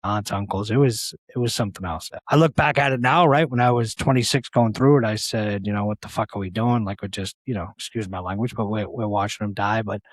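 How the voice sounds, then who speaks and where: A man's voice: on the low side, a little fast, hardly any pauses, no echo. A man in his forties from the Boston area, hosting a podcast and telling a personal story in an earnest, chatty way, often checking in with "right?". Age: 40s. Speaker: podcast host. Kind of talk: casual conversational chat.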